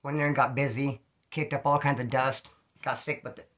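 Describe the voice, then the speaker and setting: A man's voice: mid-range voice, fairly quick. A man casually telling stories from his past in heavy street slang, acting out what people said. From California. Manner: streetwise slang, animated, acts out quotes. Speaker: storyteller recounting prison life. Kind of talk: casual storytelling monologue.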